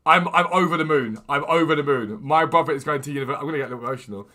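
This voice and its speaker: Talking rapid-fire with few pauses, a young male streamer keeps up energetic, chatty banter with his viewers while playing a video game. His voice is fairly high.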